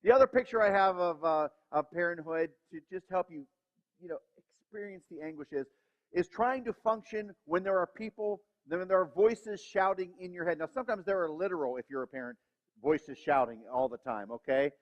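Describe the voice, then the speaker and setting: Male pastor, sermon, self-mocking, fairly high voice, long church reverb. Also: moderate pace. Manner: self-deprecating, acts out inner voices. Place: church sanctuary. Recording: reverberant hall, dull lo-fi sound.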